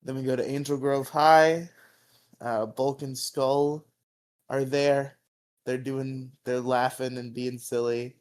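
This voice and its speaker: A man's voice: medium pitch, level tone, slow pace, darkish tone. A man co-hosting a podcast, recapping a TV episode in casual, rambling talk with lots of fillers and laughs. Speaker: podcast co-host.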